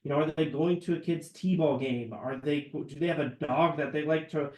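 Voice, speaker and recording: This webinar co-host and sales lead talks at normal speed in a voice on the high side, recounting customer stories with earnest enthusiasm in casual office-room chat. Reverb and poor audio mark the clip.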